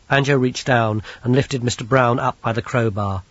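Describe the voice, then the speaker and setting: Male audiobook narrator, measured storytelling, husky voice, dry and dull lo-fi recording. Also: medium pitch, a bit bright, no echo. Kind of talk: scripted narration.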